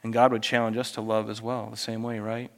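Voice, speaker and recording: A man preaching a sermon as pastor, moving between quiet, intimate asides and raised, emphatic passages. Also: fairly low pitch, little pitch movement, a little fast.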